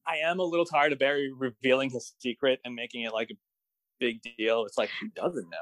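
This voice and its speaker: A man's voice: medium pitch, steady tone, fairly quick, fairly bright tone, dry recording, poor audio. A man co-hosting a casual podcast, wryly complaining about a TV episode with hesitant restarts. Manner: wry, hesitant, with many restarts. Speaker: podcast co-host. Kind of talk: casual episode recap chat.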